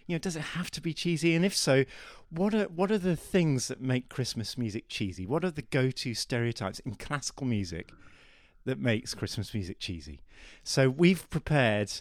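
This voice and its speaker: A man's voice: medium pitch, expressive, moderate pace, no room sound, clean studio sound. A man co-hosting a music podcast, talking in a chatty, playful, self-deprecating way. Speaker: podcast co-host. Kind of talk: casual chat about classical music.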